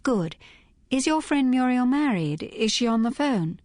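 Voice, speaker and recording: A woman reading an audiobook, voicing a glamorous, sharp-witted young lady detective in a brisk, assured tone. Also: a little high, lively intonation, dry recording, clean studio sound, pitched above the performer's own voice.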